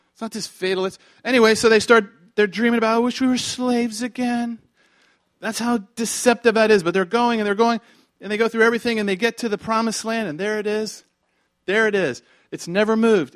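A man preaching a sermon as pastor, animated, acting out quick character voices and swinging from soft asides to loud emphasis. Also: high voice, dry recording, studio quality. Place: church.

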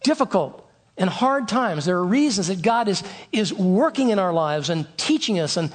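A male pastor preaching a sermon, his voice pitched notably high for a man. He stresses his main points emphatically and circles back to repeat them. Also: very animated, moderate pace. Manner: emphatic, repeats key phrases.

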